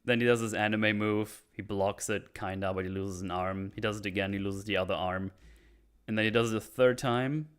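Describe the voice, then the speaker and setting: A man's voice: lowish voice, steady tone, brisk, clean tone. A man hosting a podcast, casually recapping an anime episode, laughing often and swearing. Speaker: podcast host.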